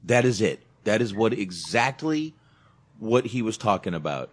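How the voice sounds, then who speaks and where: A man's voice: lowish voice, lively intonation, normal speed. A man hosting a podcast in casual chat, emphatic, swearing and saying "dude" a lot. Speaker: podcast host.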